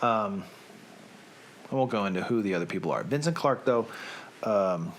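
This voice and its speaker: A man's voice: fairly low pitch, lively intonation, moderate pace, a little hiss or hum. A man who hosts a radio show, talking in a casual, rambling monologue full of digressions.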